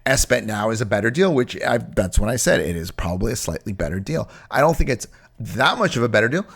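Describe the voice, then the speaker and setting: In a mid-range, creaky, fairly bright voice, a man offers casual commentary on crypto stocks. His delivery is loud and assertive, and he often repeats phrases for emphasis.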